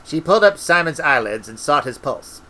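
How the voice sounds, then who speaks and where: A man reading a story aloud in a relaxed way, with restarts and little asides. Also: fairly high pitch, normal speed, a little hiss or hum, poor audio. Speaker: audiobook reader.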